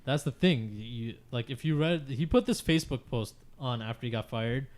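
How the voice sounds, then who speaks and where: A man of middle pitch chats on a gaming podcast in a loose, frank way. He fills his talk with filler words and swears casually as he gives his opinions. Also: normal speed, darkish tone.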